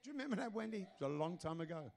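High-voiced fervent male preacher. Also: big pitch swings. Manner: fervent, rising to shouts with drawn-out "uh" fillers; dropping to a hushed, prayerful tone. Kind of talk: sermon.

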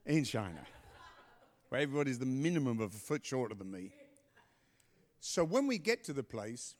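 A middle-aged man telling a story and giving announcements at a church service, animated, with loud bursts. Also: medium pitch, normal speed. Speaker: pastor.

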